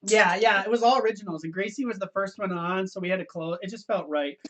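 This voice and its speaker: A young man hosting a youth ministry livestream, chatting loosely with quick restarts and easy laughs. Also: high voice, a bit bright. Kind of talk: casual livestream chat.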